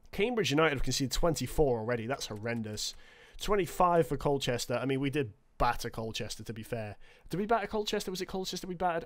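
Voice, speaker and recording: A man, casually and excitably commentating his own football video game. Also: medium pitch. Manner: excitable, chatty, self-correcting. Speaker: gaming commentator.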